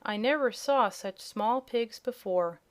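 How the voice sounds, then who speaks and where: A woman's voice: fairly high pitch, measured pace, close to an everyday voice. A woman doing a sensible young girl. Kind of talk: audiobook character voice.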